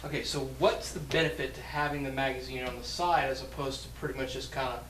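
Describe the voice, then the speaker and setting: A man's voice: mid-range voice, steady tone, quick pace. A man on the crew chiming in from off camera with curious questions. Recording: distant mic, echoey room with noise.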